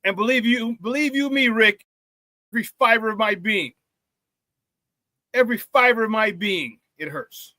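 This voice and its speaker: A man hosting a live-streamed sports talk show, reading viewer chat in an excitable, hyped way, laughing often and using slang. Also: high voice, moderate pace, long pauses, dry recording.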